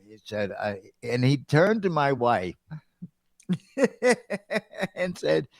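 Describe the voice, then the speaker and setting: A man's voice: mid-range voice, sing-song, takes it slowly, gravelly, pauses often, no room sound, clean studio sound. A middle-aged man and radio show host, casually telling a story and acting out the other people's lines.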